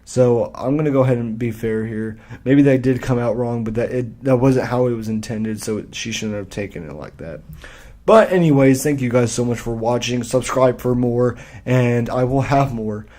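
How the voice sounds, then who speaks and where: A man's voice: medium pitch, normal speed, darkish tone. Sarcastic man telling a storytime. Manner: casual, sarcastic, profane, with frequent laughs and restarts. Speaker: channel host. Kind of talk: storytime vlog.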